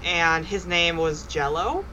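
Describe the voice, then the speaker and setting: A woman in casual chat, giggling often and telling stories quickly. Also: fairly low pitch, pushed and bright, dull audio, a little hiss or hum.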